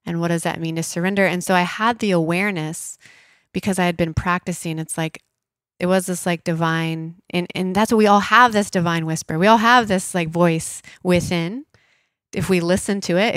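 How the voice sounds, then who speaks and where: A woman in her thirties shares a deeply personal story as a podcast guest. Her voice sits a little low and sounds dry and close. She leans on "like" and sometimes drops into a soft hush. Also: clean tone, no room sound. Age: 30s. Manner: emotional, frequent "like" fillers, soft hushed inner voice at times.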